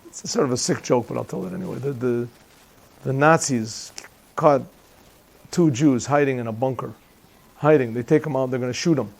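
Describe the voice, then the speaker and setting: In a yeshiva classroom, a man with a gravelly mid-range voice gives a Chassidic lecture as a rabbi, at normal speed with long pauses. He chats casually, tells jokes, and keeps asking the listeners questions.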